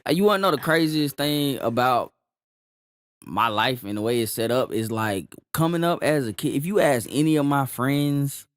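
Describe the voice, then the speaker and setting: A man's voice: mid-range voice, animated, normal speed, no echo, studio quality. A young adult man, co-hosting a podcast, telling a childhood story in a laid-back, easygoing way. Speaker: podcast co-host. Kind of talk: casual podcast chat.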